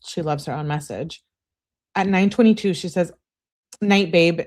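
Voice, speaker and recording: A woman's voice: fairly low pitch, unhurried, darkish tone. A woman hosting a live stream, reading text messages aloud and greeting her viewers between them. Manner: reads texts with "she says" tags, chats with viewers. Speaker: livestream host reading case texts.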